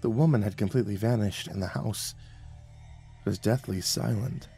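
Man, horror storyteller, dramatic narration, hushed to urgent swings. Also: on the low side, moderate pace, creaky, slightly rough, faint music behind.

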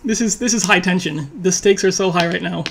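A woman thinking aloud as she plays an online card game, muttering her options, then pleading, swearing and laughing loudly at the draws. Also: fairly low pitch, a little fast, vocal fry, a little hiss or hum. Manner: talks to herself, swings from quiet musing to loud laughing outbursts.

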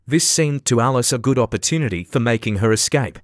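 A man reading a classic children's story aloud as an audiobook narrator, steady and even. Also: medium pitch, brisk, no echo, studio quality. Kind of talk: scripted narration.

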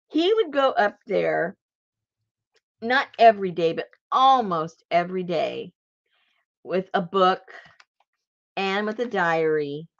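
A woman's voice: medium pitch, slow, pauses often, no echo. Lady telling a rambly story, voice jumps all over, dry muffled sound. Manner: rambling, animated, laughs while telling stories. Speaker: crafter and channel host. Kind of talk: casual storytelling chat.

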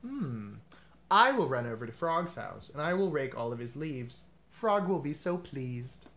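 A man voicing Toad, a fussy, excitable male toad in a children's storybook, speaking higher and exclaiming a lot. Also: measured pace. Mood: pleased.

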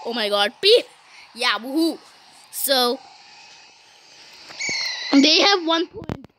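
A woman's voice: high-pitched, very animated, takes it slowly, bright, forceful tone, a little hiss or hum. A woman giving playful gameplay commentary, bantering with cartoon characters, giggling and saying "beep" in place of swear words. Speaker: gaming YouTuber.

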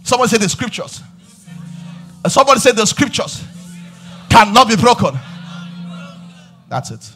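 A Nigerian man preaching a church sermon in a high, bright voice that swings widely in pitch. He leans into shouted, sing-song emphasis and keeps returning to refrains. Faint music plays under him. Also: very animated, moderate pace, pauses often. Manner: repeats refrains and calls on the congregation. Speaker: pastor. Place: church service.

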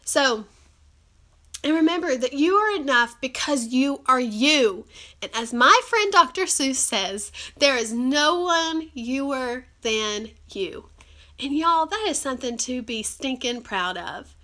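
A woman's voice: high-pitched, sing-song, a little slow, sharp tone. A woman with a cold hosting a live stream, talking earnestly and chattily with many fillers. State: has a cold. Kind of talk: encouraging live-stream talk. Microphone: phone or webcam live stream.

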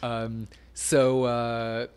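A middle-aged man talks in a relaxed, rambling way as an interview guest, full of "like" and "um" and often breaking into a laugh. His voice sits in an ordinary male pitch. He sounds casual and candid. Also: extremely slow, clean tone.

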